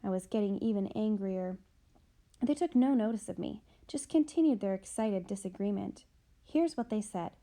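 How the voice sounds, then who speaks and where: A woman's voice: mid-range voice, lively intonation, normal speed, warm tone, lightly acted. A woman reading the part of a man dramatically telling a ghost story of his own escape. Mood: dramatic. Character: boastful male storyteller recounting his scare.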